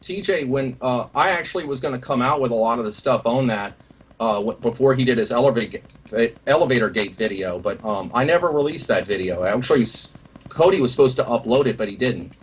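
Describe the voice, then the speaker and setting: A man hosting a podcast in blunt, profane, animated casual chat. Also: mid-range voice, a little fast, slight background noise. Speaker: podcast host. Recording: dull lo-fi sound.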